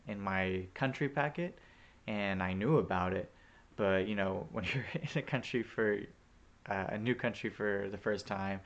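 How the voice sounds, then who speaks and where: Easygoing man telling a story, lo-fi. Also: fairly low pitch. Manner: easygoing, chatty, many fillers. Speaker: returned Peace Corps volunteer. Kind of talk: casual storytelling vlog.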